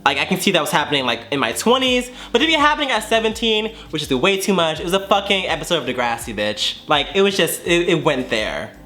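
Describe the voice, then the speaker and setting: A man's voice: on the high side, very animated, fast talker, few pauses, sharp tone. A man in his twenties telling a dramatic storytime to his viewers, profane and theatrical. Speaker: vlogger. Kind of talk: casual storytime.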